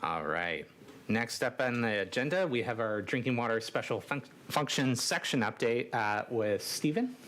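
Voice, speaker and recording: A man's voice: mid-range voice, expressive, normal speed, fairly bright tone, a little hiss or hum. A man chairing a work meeting, moving through the agenda in brief, hesitant remarks.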